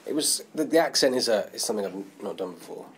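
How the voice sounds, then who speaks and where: A man's voice: on the low side, expressive, fast talker, slight background noise. A man with an English accent, an actor in a press interview, speaking hesitantly with many restarts.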